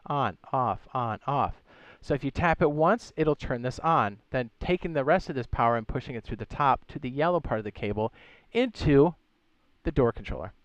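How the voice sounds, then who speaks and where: A man's voice: mid-range voice, expressive, a little fast, no room sound, highs cut off. A man streaming a game live, casually walking viewers through how things work step by step and answering chat questions with playful asides. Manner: chatty, explains step by step while reading chat questions aloud; playful asides and goofy sound effects.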